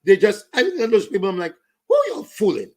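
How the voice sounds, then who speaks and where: With a high voice, huge pitch swings and a quick pace, a Saint Lucian-accented man rants passionately about politics. This commentator drifts into Creole and French as he goes.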